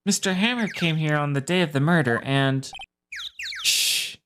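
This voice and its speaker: A woman's voice: sits low, unhurried, background noise, pitched above the performer's own voice. A woman reading a polite young male lawyer. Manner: polite, questioning. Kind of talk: game dialogue read aloud. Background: game music.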